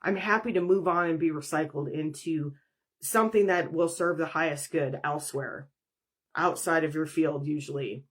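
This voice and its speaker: A woman voicing a gentle, eager-to-help protective energy being, earnest and apologetic. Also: low-pitched, moderate pace, voice pushed down.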